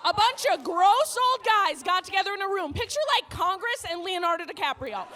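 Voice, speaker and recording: A woman's voice: very high voice, animated, fairly quick, bright, forceful tone. A woman doing a stand-up comedy set on a comedy club stage, brash and profane, laughing at her own jokes.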